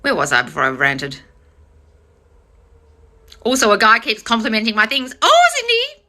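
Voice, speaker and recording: Hosting her manifestation-coaching live stream at a moderate pace, a woman with a fairly high voice responds to comments from viewers. She's blunt and foul-mouthed, animated and teasing, talking right to the audience and mimicking people in mocking voices.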